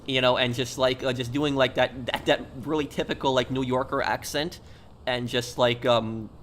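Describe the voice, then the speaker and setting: A man's voice: medium pitch, fairly even intonation, moderate pace, fairly bright tone, a little hiss or hum. A man chatting casually on a live game stream, talking straight to his viewers and answering them.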